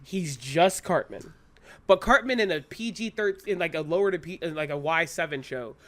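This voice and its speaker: A man's voice: fairly high pitch, animated, normal speed, fairly bright tone. A man co-hosting a podcast in casual chat, blunt and sarcastic, swearing freely. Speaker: podcast co-host.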